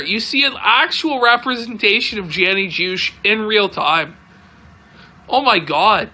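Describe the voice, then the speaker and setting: A woman giving excited, swearing commentary on a video in a casual talk show. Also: medium pitch, measured pace. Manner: excitable, exclaiming, swears often.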